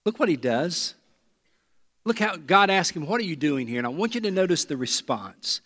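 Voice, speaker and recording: A pastor preaching a sermon to a congregation, talking earnestly and repeating words for emphasis. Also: male voice, fairly high pitch, big pitch swings, normal speed, a bit bright. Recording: long reverb of a large hall.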